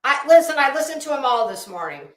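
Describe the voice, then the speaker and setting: Lady streamer dishing gossip, high voice, sarcastic, lots of laughs. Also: very animated, quick pace, a bit bright, echoey room. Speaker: YouTube commentary host. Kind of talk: casual live-stream chat reading comments.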